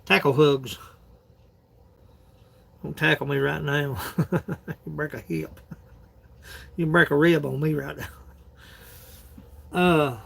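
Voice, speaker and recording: A man's voice: fairly high pitch, fairly even intonation, slow pace, vocal fry, pauses often, a bit bright. A man, chatting casually on a phone livestream in a rambling, folksy way, laughing often. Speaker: livestream host.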